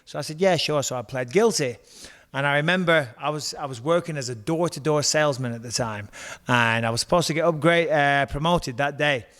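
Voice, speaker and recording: In a relaxed kitchen-table interview, a former fighter from England in his forties spins animated, joking yarns. His voice sits fairly high and moves briskly.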